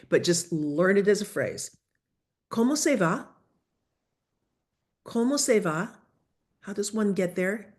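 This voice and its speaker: A woman teaching a lively online language lesson, coaching students through phrases over a video call. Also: mid-range voice. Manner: lively, coaching, switches between English and Spanish phrases. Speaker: Spanish teacher.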